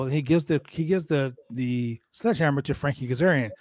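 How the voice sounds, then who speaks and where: A man with a slightly raised voice recaps wrestling in loose, animated chat. He swears often and acts out what the wrestlers said. The sound is close and dry. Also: on the high side, a little fast, hardly any pauses, no room sound. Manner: animated, profane, acts out quotes from the show. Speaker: podcast host recapping wrestling.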